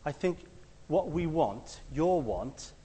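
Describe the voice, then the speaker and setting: A man preaching a conversational sermon. He tells stories and acts out the quotes, sometimes shouting them loudly. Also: on the high side, animated, takes it slowly, breathy edge, long reverb tail.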